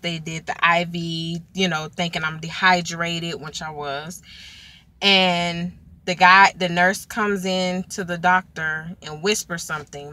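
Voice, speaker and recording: A young woman tells a personal story straight to camera, chatty and animated. Her voice is bright but sits a little low. She leans on plenty of casual fillers as she goes. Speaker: vlogger telling a personal story.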